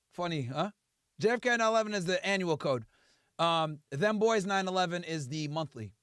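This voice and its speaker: A man's voice: high-pitched, expressive, moderate pace, a bit bright, dry recording, studio quality. A man hosting a livestream, ranting in a profane, heated and mocking way. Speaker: livestream host. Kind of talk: livestream rant.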